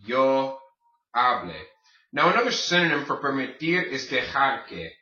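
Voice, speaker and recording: Man teaching grammar, bright and roomy. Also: mid-range voice. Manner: explains step by step, asks rhetorical questions. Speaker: Spanish teacher. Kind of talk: recorded grammar lesson. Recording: distant, roomy, muffled.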